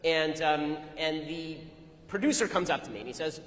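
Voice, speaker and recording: A man speaks fast and pointedly, in a slightly raised voice, stringing a combative anecdote together without pause. The sound is roomy, with a long hall reverb trailing each phrase. It comes across as a live talk captured in a large venue. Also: a little high, expressive, slight background noise. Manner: rapid, argumentative storytelling. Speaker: public speaker. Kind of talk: anecdotal speech to an audience.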